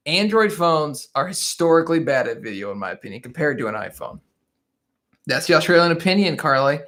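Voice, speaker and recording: A man's voice: a little high, fairly bright tone. A man hosting a casual livestream, chatting and laughing often as he reads viewer comments. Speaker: livestream host. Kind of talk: casual live chat reading viewer comments. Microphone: desk microphone.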